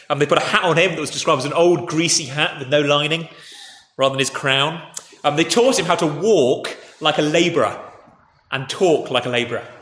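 Lightly high-voiced preacher in an echoey church. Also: male voice, pushed and bright, a little hiss or hum. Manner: storytelling, speaks directly to the congregation and the children. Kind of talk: conversational sermon. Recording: echoey church hall with long reverb.

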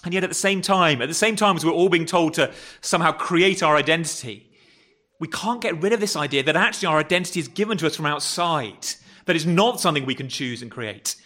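Chatty preacher with a raised pitch. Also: male voice, animated, quick pace, sharp tone. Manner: conversational, asks the congregation rhetorical questions; stumbles and repeats words, corrects himself. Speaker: pastor. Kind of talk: sermon. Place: church.

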